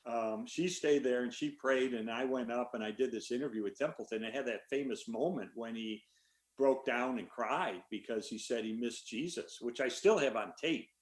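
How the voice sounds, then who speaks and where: An older man, an author, answering a question in a relaxed story full of fillers over a video call. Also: medium pitch, normal speed, reverberant. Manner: relaxed, rambling with many fillers. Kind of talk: conversational storytelling.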